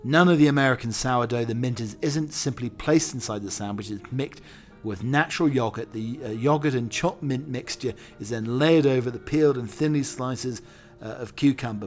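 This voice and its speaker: A man's voice: medium pitch, moderate pace, darkish tone, faint music behind. A man hosting a solo podcast, talking in a wry, mock-patriotic and irreverent way. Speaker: podcast host. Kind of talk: comedic solo podcast monologue.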